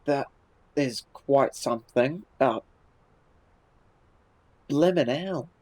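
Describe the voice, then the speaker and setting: Streaming live, a man chats casually and reacts to viewer messages in a laid-back way, swearing freely and restarting sentences. His mid-range voice has a darkish tone and drawn-out words, and the recording quality is low.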